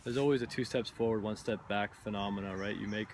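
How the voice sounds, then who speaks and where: A man's voice: lowish voice, steady tone, fast talker, a little hiss or hum. A man who works as a personal trainer, chatting casually as a guest, with frequent restarts and tag questions. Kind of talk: casual chat.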